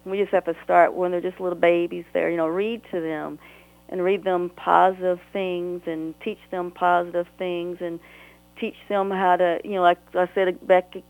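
Earnest woman author with a creaky voice. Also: fairly low pitch, flat delivery, normal speed, a little mellow, muffled recording. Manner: earnest, emotional, rambling. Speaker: author and guest. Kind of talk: radio interview.

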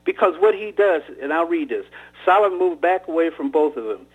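Husky man telling a story on radio. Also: fairly high pitch, brisk. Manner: casual, animated storytelling. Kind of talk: retelling and reading a novel aloud. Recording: tinny phone-like radio line.

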